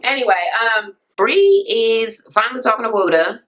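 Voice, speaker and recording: A woman vlogger giving a blunt, profane, animated rant while recapping a reality TV episode and acting out what the people said. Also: fairly high pitch, moderate pace, slight background noise, poor audio. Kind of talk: casual ranting recap.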